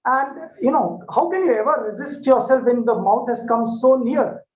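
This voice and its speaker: A man with an Indian English accent giving a devotional talk in a satsang hall, telling stories and addressing listeners with many filler pauses. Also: very high voice. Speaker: spiritual speaker. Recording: echoey dull lo-fi hall recording.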